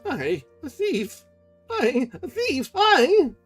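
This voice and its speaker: A man voicing a shrill outraged old crone. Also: big pitch swings, normal speed, vocal fry, slightly rough, faint music behind, heavily acted. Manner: shrill, choked, yelping outbursts. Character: furious indignant old woman, shrill and toothless.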